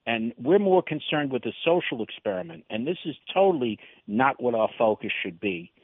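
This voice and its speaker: A man calling in to a radio show, speaking earnestly and haltingly with many restarts. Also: mid-range voice, sing-song, slightly rough, dry recording. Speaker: caller. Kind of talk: phone-in radio call. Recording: tinny phone line.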